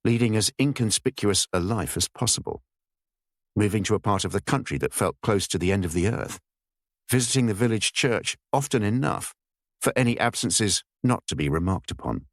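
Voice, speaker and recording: A male narrator reads a wartime thriller in a very deep voice that rises and falls with expression. The recording is close and completely dry, with no room sound. His delivery is measured and steady. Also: dry recording. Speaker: audiobook narrator. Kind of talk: scripted narration.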